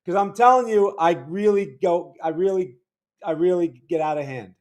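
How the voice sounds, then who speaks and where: A man's voice: high-pitched, moderate pace. A man hosting a livestream, chatting casually with viewers in a worn, weak voice, rambling and stammering over his words. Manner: rambling, stammering, repeats words, greets chat viewers loudly. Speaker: livestream host.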